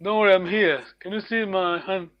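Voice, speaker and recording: A man's voice: high-pitched, steady tone, normal speed, dull audio, a little hiss or hum. A male language teacher giving an online lesson over a video call, patient and encouraging, often repeating words.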